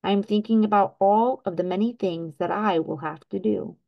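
A stubborn grumbling male toad in a read-aloud storybook, as a woman puts him on, drawn out and a bit louder when he protests. he keeps putting his chores off. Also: mid-range voice, moderate pace, vocal fry, lo-fi sound, close to an everyday voice. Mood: glum.

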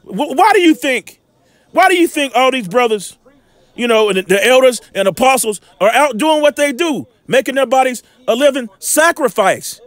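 A man teaches scripture in an informal, emphatic way, stopping his reading again and again to check that listeners follow. His voice sits high and swings widely in pitch. The sound is dry, with no room echo. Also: lively intonation, moderate pace. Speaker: Bible teacher.

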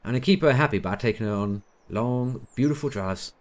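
A man's voice: mid-range voice, brisk, close to an everyday voice. A man doing a laid-back mechanic with a fake American drawl. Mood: easygoing. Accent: put-on American. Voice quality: casual drawl, calls everyone man. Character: laid-back male small-town mechanic, friendly.

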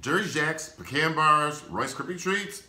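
A man's voice: on the high side, expressive, a little slow, pushed and bright, heavily acted. A man voicing a cheerful male puppet co-host who reads letters aloud and laughs easily. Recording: echoey room.

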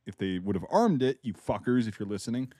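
A man's voice: lowish voice, expressive, fairly quick, heavy background noise. A man hosting a podcast, chatting loosely and profanely and asking follow-up questions. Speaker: podcast host. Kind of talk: casual chat.

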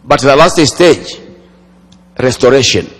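A man preaching a sermon slowly and dramatically, with long pauses and sudden swings from loud to hushed. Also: mid-range voice, lively intonation. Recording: long hall reverb.

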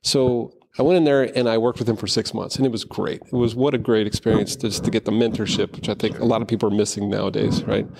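Gravelly, fast-talking storyteller man. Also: lowish voice, noisy background. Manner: animated storyteller acting out quotes. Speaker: guest, golf fitness founder. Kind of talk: casual storytelling interview.

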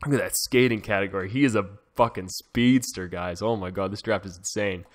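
A young man giving casual commentary over a hockey management game, talking to his viewers and swearing freely when excited. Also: lowish voice, a little fast. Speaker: gaming YouTuber. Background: dog heard in cage.

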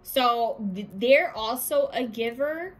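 A woman with a slightly higher voice talks through a pick-a-card tarot reading. She is chatty and intuitive and keeps saying what she is hearing. She springs into lively quoted voices as she describes the person in the cards. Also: slow.

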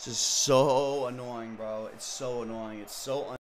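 A man ranting at a video game as he plays, swinging from low muttering to furious yelling and swearing constantly. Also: unhurried, noisy background. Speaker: gamer streaming his play. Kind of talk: live gameplay rant. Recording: loud music over the voice.

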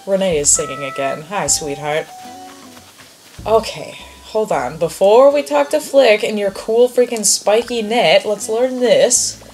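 A woman chatting excitedly and swearing lightly as she comments on a game she is playing. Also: medium pitch, a little slow, soft background music. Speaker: gamer. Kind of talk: casual gameplay commentary.

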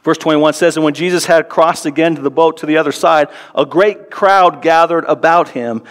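An earnest man in his forties preaching from the pulpit. His voice sits a little high for a man, and he repeats words as he leans into a point, then sinks quiet for tender moments. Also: moderate pace. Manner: earnest, repeats words when emphasizing, drops soft and low for tender passages. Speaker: pastor. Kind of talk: sermon.

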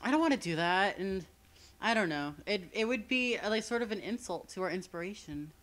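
Speaking a touch quickly, this fan commentary co-host has a high, expressive, slightly bright voice. He keeps things casual, teasing and joking as he rambles, filling his speech with "like" and other fillers.

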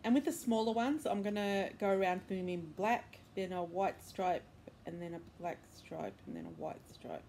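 A woman's voice: on the low side, big pitch swings, normal speed, a little mellow, slight background noise. A woman hosting a crochet podcast, chatting casually and enthusiastically at home, rambling with fillers and self-corrections. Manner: enthusiastic, upbeat. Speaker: crochet and knitting podcast host. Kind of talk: casual show-and-tell chat. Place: indoors at home, bedroom.

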